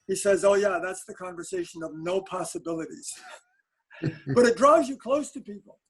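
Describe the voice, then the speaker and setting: A man telling animated anecdotes on a webinar chat, with frequent restarts and laughs. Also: high-pitched, normal speed, slightly rough, low-quality recording. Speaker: sport psychologist guest.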